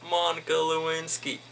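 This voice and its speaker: A man's voice: a little high, creaky, pushed and bright, slight background noise, voice pushed up, full character voice, poor audio. A man doing a mumbled, jokey impression of a former male US president.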